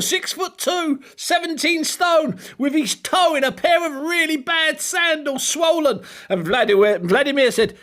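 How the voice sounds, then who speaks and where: A man, co-hosting a casual chat and telling stories with animated laughter. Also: extremely high pitch, measured pace, few pauses. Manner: animated storyteller, laughs often. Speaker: podcast co-host.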